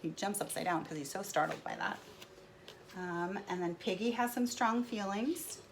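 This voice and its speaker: A woman's voice: medium pitch, normal speed. Woman teacher, cheerful classroom lesson, talks while doodling, faint background noise. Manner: cheerful, narrating while drawing. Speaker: first grade teacher. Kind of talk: recorded lesson with drawing.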